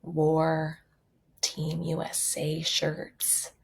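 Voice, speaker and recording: Low gravelly-voiced woman podcaster. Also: completely flat delivery, very slow. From Canada. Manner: candid, reflective, with frequent fillers. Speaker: podcast host. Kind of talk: solo podcast monologue.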